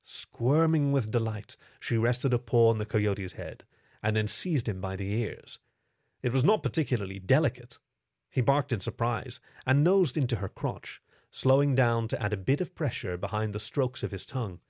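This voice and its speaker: A man reading a story aloud in steady, even scripted narration. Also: mid-range voice, moderate pace, no room sound, clean studio sound.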